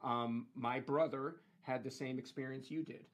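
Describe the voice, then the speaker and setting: A male podcast host leads a relaxed interview and keeps it light. He teases his guest and jumps in with quips and short remarks. His voice sits at an ordinary middle pitch. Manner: joking, quick to tease and chime in.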